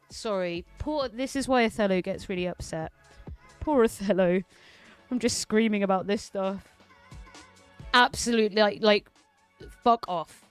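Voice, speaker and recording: A woman's voice: mid-range voice, measured pace, clear, resonant tone, dry recording, faint music behind. A woman streamer ranting through casual political commentary, heated and profane.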